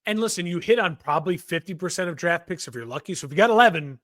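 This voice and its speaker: A man with a fairly high voice chats animatedly on a sports podcast, jumping into little impressions and restarting his sentences. The sound is dry and close, with almost no room in it. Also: racing, dry recording. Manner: animated, acts out quotes, restarts often. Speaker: podcast co-host. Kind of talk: casual sports chat.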